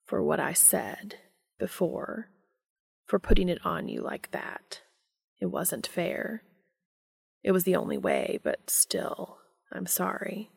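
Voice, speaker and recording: Woman voicing a gentle solemn man, whispery, low and hesitant, story reading. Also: huge pitch swings, a little slow, vocal fry, slightly rough, long reverb tail, heavily acted. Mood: soft apologetic. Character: gentle solemn former angel, soft-spoken man.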